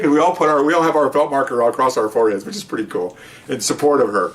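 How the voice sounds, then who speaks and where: An older man, a retired police officer, telling a work anecdote in a chatty way, checking in with "okay?" and acting out quotes in a higher voice. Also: lively intonation, fast talker, far from the mic. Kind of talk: casual anecdote storytelling.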